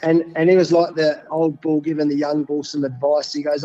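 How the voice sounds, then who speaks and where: Being interviewed, the fifty-something Australian coach of a cricket side shares animated, laid-back stories, frequently repeating himself. He talks a little fast with few pauses in a higher-leaning voice, and the recording's upper frequencies are cut off.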